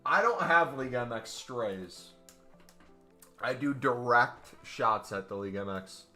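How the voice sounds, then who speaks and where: A male streamer chatting during a live game stream on his microphone, excitable and joking. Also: mid-range voice, a little slow, faint music behind. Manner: excitable and joking, with whoops and laughs.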